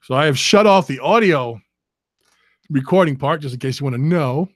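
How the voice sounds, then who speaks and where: A middle-aged podcast host prepares a live stream while rambling, cursing, and muttering under his breath. He has a fairly high, lively voice at a moderate pace, recorded dry.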